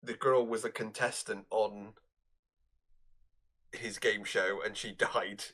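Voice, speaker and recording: A man co-hosting a podcast, casually recalling movie details in a halting way, repeating words and chuckling. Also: on the low side, steady tone, fairly bright tone. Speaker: podcast co-host. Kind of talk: casual film review chat.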